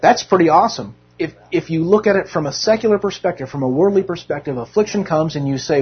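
A man's voice: on the high side, quick pace, hardly any pauses, highs cut off, a little hiss or hum. A man giving an informal, conversational sermon to a church group, earnest with self-deprecating humor. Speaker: Bible teacher.

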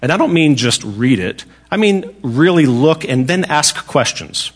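A man's voice: fairly high pitch, big pitch swings, measured pace, slightly rough, faint music behind. A man teaching a Bible study lesson in a casual, conversational way, joking now and then and often restarting his sentences.

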